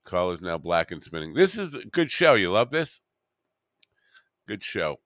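Deep-voiced man rambling to himself. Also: very animated, unhurried, fairly bright tone, dry recording, clean studio sound. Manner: rambling, mutters to himself, wry asides. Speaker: podcast host. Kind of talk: rambling solo podcast.

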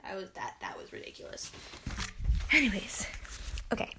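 Teenage girl vlogger, slightly high voice, exasperated rambling rant from her bedroom. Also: fairly quick, heavy background noise. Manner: exasperated, rambling, frequent sighs and restarts. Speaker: vlogger and gymnast. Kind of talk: casual ranting monologue.

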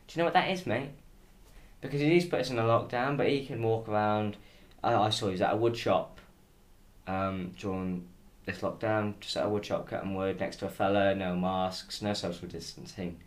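A British man hosting a solo podcast, ranting with sarcasm and frequent swearing. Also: on the low side. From United Kingdom. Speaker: podcast host. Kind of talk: casual solo podcast rant.

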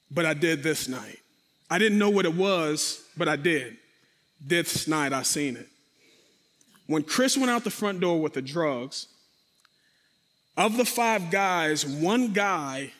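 A man with a fairly high voice tells a dramatic personal testimony. He speaks straight to his listeners and acts out sounds and voices as he goes. His voice rings with long reverb, as if in a large hall. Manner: animated, acts out sound effects and quotes; addresses the audience directly.

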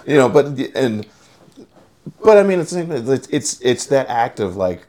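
With a mid-range, dark-toned voice, a man co-hosting a podcast tells stories at a measured pace yet very animatedly. The chat is casual, and his rambling tales are packed with fillers.

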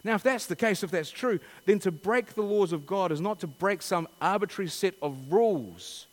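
A man's voice: sits high, expressive, normal speed, in a large hall. A man preaching a sermon, asking rhetorical questions and reading scripture dramatically.

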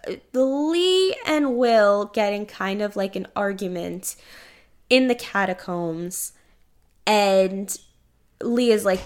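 A young adult woman, a podcast co-host, in casual chat, retelling a film plot in an animated way, swearing freely and acting out quotes. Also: medium pitch, slow, clean tone.

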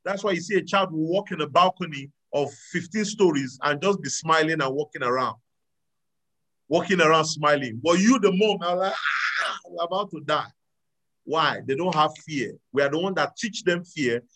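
Male preacher, high voice, animated, loud exclamations and soft asides, live sermon. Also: normal speed, rough recording. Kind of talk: sermon with audience call-and-response.

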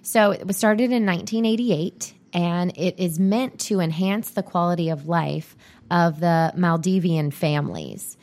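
A woman's voice: lowish voice, measured pace, a little mellow. A woman co-hosting a podcast in casual chat, easygoing and agreeable, often chiming in with short replies. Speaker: podcast co-host.

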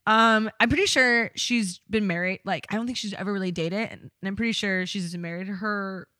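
A woman's voice: mid-range voice, brisk, pushed and bright, no room sound, studio quality. A woman co-hosting a casual chat, telling bawdy stories frankly and laughing often. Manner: candid, bawdy storytelling with frequent laughter. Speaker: podcast co-host.

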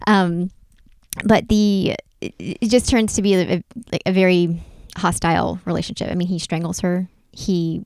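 A woman's voice: on the low side, level tone, normal speed, creaky, darkish tone, no echo. A woman co-hosting a podcast, summarizing in casual chat full of "like" and "um". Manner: chatty, lots of "like" and "um" fillers. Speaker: podcast co-host.

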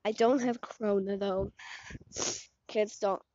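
A woman's voice: medium pitch, fairly even intonation, takes it slowly, dark tone. A teenage girl with an Icelandic accent, sick with a sore throat, rambling in a self-deprecating way while she walks outdoors. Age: teens. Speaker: podcast host. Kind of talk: casual rambling monologue. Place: outdoors, walking along a street. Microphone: cheap earbud headphone mic. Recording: dull lo-fi earbud mic.

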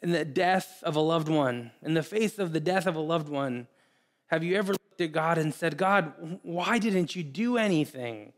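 A man preaching a sermon in an earnest way, often repeating words and pausing. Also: a little high. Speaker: pastor.

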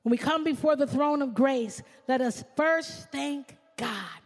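Woman pastor, high voice, animated sermon, long echoing hall. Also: unhurried. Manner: animated preaching, swings from shouting to hushed.

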